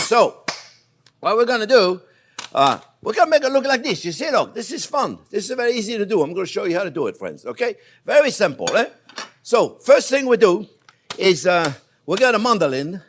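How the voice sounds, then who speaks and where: Lively chatty man teaching cooking. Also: noisy background. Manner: chatty, playful, often says "friends" and "boom, boom". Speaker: chef host. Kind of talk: casual cooking demonstration.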